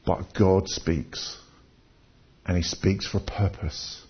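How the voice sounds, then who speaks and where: Speaking slowly in a low, husky voice with little pitch movement, a man gives a storytelling sermon drawn from his own life. He talks conversationally and repeats words whenever he restarts. The audio is lo-fi and dull.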